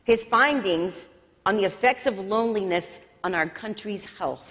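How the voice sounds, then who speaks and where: A woman's voice: medium pitch, moderate pace. A woman pastor with an American accent giving a conversational, self-deprecating sermon to her congregation in a church. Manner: conversational, self-deprecating, sings snatches of lyrics. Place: church sanctuary. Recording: dull livestream sound with long church reverb.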